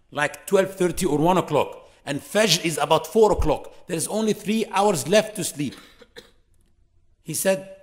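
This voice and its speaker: Man lecturing, storytelling with acted dialogue. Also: fairly high pitch. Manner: storytelling, acts out dialogue, varied loudness. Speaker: Islamic lecturer.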